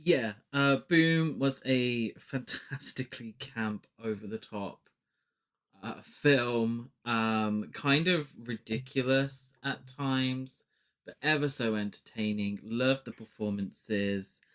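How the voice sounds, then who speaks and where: A man co-hosting a podcast in relaxed conversation, often laughing and trailing into rambling asides. His pitch is middle of the range for a man. The talk is loose and unscripted. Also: slow. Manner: laughs easily, rambling and chatty. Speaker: podcast co-host. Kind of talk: casual podcast chat.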